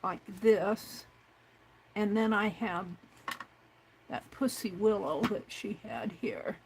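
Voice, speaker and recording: Slow-talking woman chatting while crafting. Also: medium pitch, creaky, slight background noise, low-quality recording. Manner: chatty, talks to herself while working, reads chat aloud. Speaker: crafting livestream host. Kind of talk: casual crafting livestream chat.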